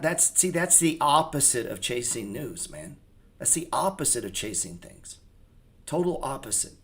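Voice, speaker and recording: A man's voice: mid-range voice, fairly bright tone. A man hosting a trading show, talking loosely and profanely in a rambling, joking way. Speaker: trading channel host. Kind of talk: casual unscripted livestream chat.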